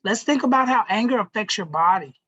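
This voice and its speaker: A young adult woman teacher giving a gentle lesson to children, encouraging them and often checking in with "right?" and "okay?". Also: medium pitch, animated, fairly quick, no echo, dull audio.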